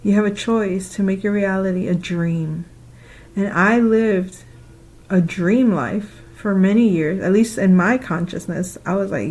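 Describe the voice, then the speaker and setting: Woman, casual spiritual monologue, mid-pitched, animated, acts out her own inner voice, chatty and rambling. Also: moderate pace. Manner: animated, acts out her own past thoughts with laughing asides; repetitive listing, loose conversational phrasing. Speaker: spiritual speaker.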